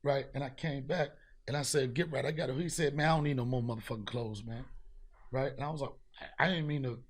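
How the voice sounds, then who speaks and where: A man hosting a podcast, telling a street story in casual chat, profane and animated, acting out the people he met. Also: medium pitch, fast talker. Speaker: podcast host.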